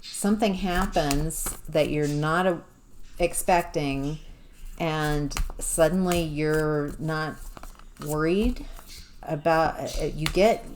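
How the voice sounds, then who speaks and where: A woman giving an intuitive tarot reading to the viewer, musing and halting, with sudden exclamations of surprise. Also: low voice, a little hiss or hum. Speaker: tarot reader.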